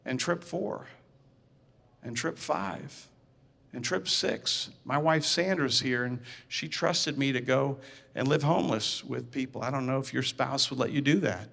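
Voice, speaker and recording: A man telling a personal story to an audience, animated, acting out dialogue and repeating words as he goes, in a large reverberant hall. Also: mid-range voice, unhurried, gravelly. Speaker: speaker.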